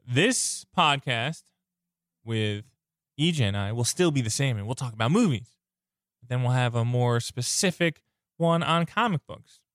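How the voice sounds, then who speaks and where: A man's voice: mid-range voice, animated, a little slow, fairly bright tone, no echo. Guy on his podcast, sick and strained voice, chatty and rambly, close dry mic. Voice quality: sounds like something in his mouth. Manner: rambling, enthusiastic, self-interrupting. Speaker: podcast host. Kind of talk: casual podcast chat.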